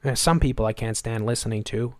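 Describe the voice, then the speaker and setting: A man's voice: mid-range voice, fairly quick, darkish tone, dry recording, studio quality. A man hosting a live stream, ranting in angry, sarcastic, repetitive bursts of commentary. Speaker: livestream host.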